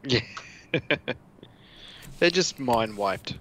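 A man co-hosting a podcast, his voice rising and falling in a lively, expressive way as he jokes around. He chuckles between remarks, keeping the casual chat light and wry. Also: medium pitch, drawn-out words, slight background noise. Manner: joking, laughs while talking. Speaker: podcast co-host.

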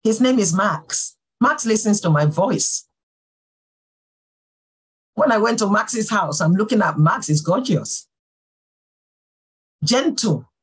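A woman pastor giving a sermon, fervent and full of praise exclamations, swinging from soft talk to calling out. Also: medium pitch, animated, slow pace, pauses often, breathy edge, low-quality recording.

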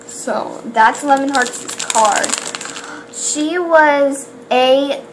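A woman opening toy blind bags on camera in casual chat, excitable and gasping, who rambles with trailing restarts. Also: high-pitched, very slow, background noise. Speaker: toy unboxing vlogger.

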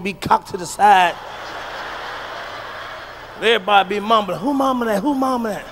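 A middle-aged man from the United States doing a loud, profane stand-up comedy routine on stage, telling punchy stories. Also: sits high, a little hiss or hum. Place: stage before a live audience.

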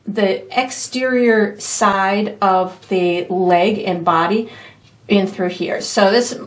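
Chatty woman teaching a painting class. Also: mid-range voice. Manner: easygoing, chatty, with light laughs and fillers. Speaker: painting instructor. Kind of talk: step-by-step painting tutorial.

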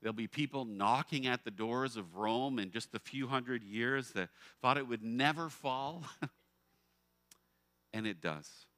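A male pastor delivering a sermon in a church. His voice is bright and ringing, recorded close and dry, and he preaches in an expressive, emphatic way full of rhetorical questions. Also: mid-range voice, a little slow, no room sound.

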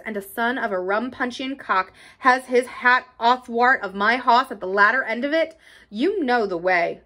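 A woman reading a gruff, cunning old pirate cook, dropping her voice to a menacing growl. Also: on the high side, pushed and bright. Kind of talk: audiobook character reading.

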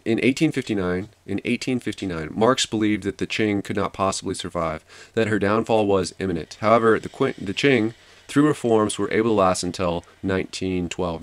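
Deep-voiced man explaining a history book. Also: fast, hardly any pauses. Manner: thinking aloud with fillers and restarts, reading passages then explaining. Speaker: study channel host summarizing a history book. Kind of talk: casual study-guide commentary.

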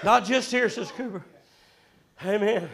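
A man preaching in a church, exuberant, shouting praises and singing in between. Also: sits high, normal speed, gravelly. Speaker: pastor. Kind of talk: sermon. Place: church sanctuary.

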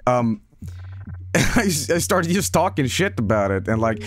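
Guy streaming, telling a rambly story, pitch jumps all over, faint music behind. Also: big pitch swings, measured pace. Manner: rambling and self-mocking, with many restarts. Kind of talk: casual storytelling.

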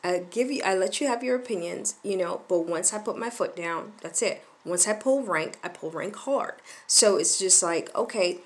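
A woman's voice: medium pitch, normal speed, hardly any pauses. A middle-aged woman giving parenting advice in casual talk to the camera, firm and emphatic, and she repeats her points.

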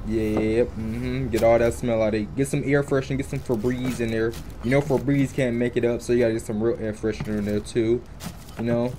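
A young man giving casual, animated let's-play commentary, joking and trash-talking the game's characters. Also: medium pitch, a little hiss or hum. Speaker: gaming YouTuber. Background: video game music.

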